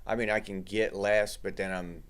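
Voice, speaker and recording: A man's voice: fairly low pitch, little pitch movement, normal speed, fairly bright tone. A middle-aged man hosting a casual livestream, chatting loosely and greeting viewers in the chat. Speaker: livestream host.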